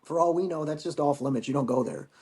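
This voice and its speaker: A man's voice: on the high side, fast. A middle-aged man, a military veteran guest on a podcast, telling a story casually with lots of swearing and acted-out quotes. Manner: profane, animated anecdote-telling with acted quotes.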